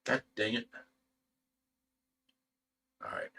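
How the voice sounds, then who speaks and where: On a casual livestream, a fish rescue host reads viewer comments and answers them bluntly and loosely, chuckling frequently. His lowish voice is gravelly, pushed, and bright with a breathy edge, swooping wildly in pitch and drawing out words.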